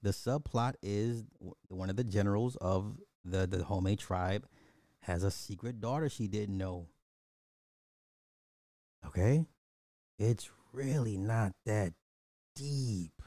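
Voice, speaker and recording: A man giving a blunt, animated movie review in casual chat, talking straight to his viewers. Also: lowish voice, slow, long pauses, no echo, clean studio sound.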